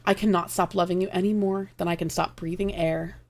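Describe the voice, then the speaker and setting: A woman reading aloud and voicing a gentle, dying man who speaks softly and tenderly to the one he loves. Her voice has a gravelly edge. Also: lowish voice, steady tone, a little fast, lightly acted. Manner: soft, tender, quiet. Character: dying gentle male lover, tender and calm.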